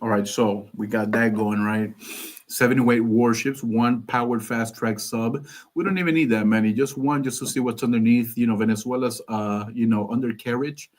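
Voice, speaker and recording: A man's voice: medium pitch, fairly even intonation, normal speed. A man of Cuban background hosting a live stream, giving casual, rambling political commentary and reading sources aloud with jokes.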